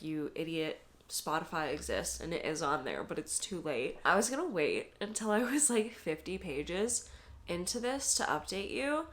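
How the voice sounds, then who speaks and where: A woman's voice: mid-range voice, a bit bright. A young woman chatting casually in a book vlog, emotional and teary, with frequent laughs and swearing. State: teary, close to crying. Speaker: book vlogger.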